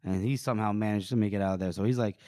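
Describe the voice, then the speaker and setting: A man's voice: fairly low pitch, fairly even intonation, racing, warm tone, dry recording, studio quality. A man co-hosting a casual book podcast who talks in a rambling way and acts out the characters' lines. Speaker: podcast co-host.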